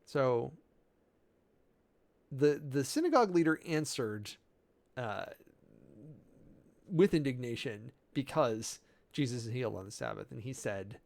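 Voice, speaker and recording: Gravelly man musing through Greek text. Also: medium pitch, lively intonation. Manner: musing and halting, with many fillers and self-corrections; amused by word details. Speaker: preacher. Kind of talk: informal sermon preparation, working through Greek text.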